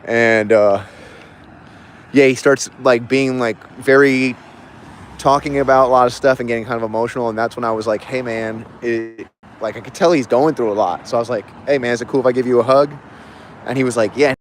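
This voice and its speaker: A man's voice: mid-range voice, fairly even intonation, a little fast, a little hiss or hum. A man livestreaming, casually telling a long story in a rambling way, full of "like" and repeated phrases. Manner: rambling, repeats himself, lots of "like".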